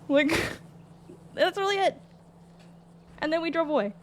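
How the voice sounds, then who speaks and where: A woman telling a story in casual chat, animated and exasperated, swearing often. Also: high voice, moderate pace, slight background noise. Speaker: streamer recounting a roleplay.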